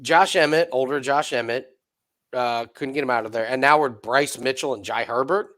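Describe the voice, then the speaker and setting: A man co-hosting a sports betting show talks through fight picks in loose, rambling casual chat, full of restarts and quick asides. His voice is medium-pitched and a bit bright.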